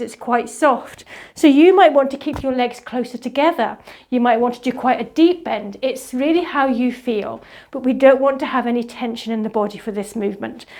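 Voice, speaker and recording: A woman leading a qigong movement class, giving soft, slow guiding instructions. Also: high-pitched.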